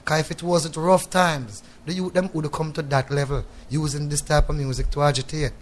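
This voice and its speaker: A Jamaican man talks in thick patois in a radio studio, sounding reflective and a little preachy. His voice sits somewhat high for a man. He keeps pulling the listener in with "you know what I mean". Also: flat delivery, normal speed, a little hiss or hum. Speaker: guest reggae artist.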